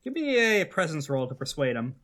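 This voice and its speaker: A man narrating a tabletop game as game master, with wry, quick narration. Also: a little high, big pitch swings, fairly bright tone.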